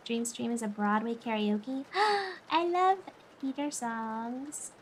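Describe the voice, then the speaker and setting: A young woman streamer chats casually with her viewers long past bedtime, tired but quick to giggle. Her voice sits high and bounces all over the place. A faint hum of room noise runs underneath. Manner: giggly, animated, often laughs. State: tired, up very late. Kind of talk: casual late-night stream chat with chat.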